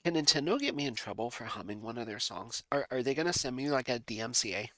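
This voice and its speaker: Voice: medium pitch, lively intonation, fast talker, sharp tone, dry recording. A streamer chatting casually while drawing, playful and rambling, with frequent giggly asides. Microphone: desk microphone.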